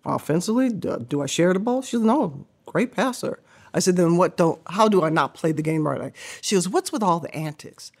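An older woman and former basketball player telling stories as a podcast guest, animated and laughing, acting out what people said. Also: lowish voice, a little fast, breathy edge. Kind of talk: casual storytelling interview.

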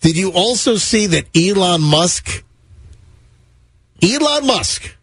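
A man's voice: high voice, big pitch swings, a bit bright, breathy edge, dry recording. A man hosting a radio morning show, chatting and joking with his co-hosts. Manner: chatty, jokey, quick to laugh. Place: radio studio.

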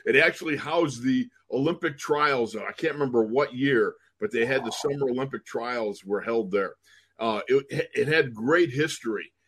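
A man's voice: medium pitch, normal speed, a bit bright, slightly rough. A man in his sixties, a podcast co-host and former college football player, telling stories in casual chat. He laughs often and repeats words as he goes.

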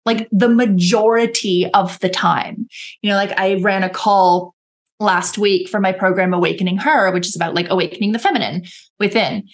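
A woman's voice: mid-range voice, normal speed. A woman coach talking earnestly in a casual podcast conversation, often acting out her own inner dialogue in quoted voices. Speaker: guest coach.

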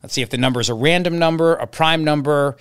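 A man's voice: a little high, fast, smooth. A man hosting a political talk show, commenting sarcastically on played clips with mocking asides. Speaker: political podcast host.

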